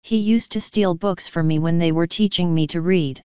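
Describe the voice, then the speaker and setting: A woman's voice: on the low side, normal speed, a little mellow, clean tone, dry recording, highs cut off, close to an everyday voice. A woman reading an audiobook, voicing an earnest, plain-spoken young man.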